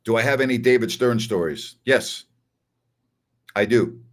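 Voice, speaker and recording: A man's voice: medium pitch, unhurried. An older man hosting a sports talk show, chatting casually and telling stories while repeating phrases for emphasis. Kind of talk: casual live-stream chat.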